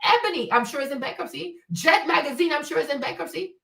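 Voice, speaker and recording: A woman from Africa delivers a fiery commentary rant, firing off one rhetorical question after another and swearing freely. Her voice sits high and sharp. She sounds a little distant from the mic, with a roomy echo around her. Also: vocal fry. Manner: emphatic, profane, rapid rhetorical questions. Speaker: streamer host. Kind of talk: ranting commentary stream.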